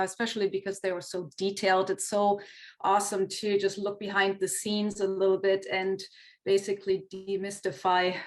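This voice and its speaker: A woman with a German accent, a native German speaker, moderates an online Q&A. Her delivery is hesitant, full of ums and restarts. She speaks at a middle pitch over a video call. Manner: hesitant, many fillers and restarts. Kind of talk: webinar Q&A moderating.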